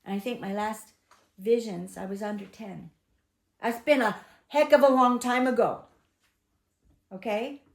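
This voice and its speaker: Older woman, home Bible teacher, a touch high, chatty and emphatic, roomy echo. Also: measured pace, gravelly, pauses often. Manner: chatty, emphatic, asks the group questions. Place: home gathering room. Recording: echoey room.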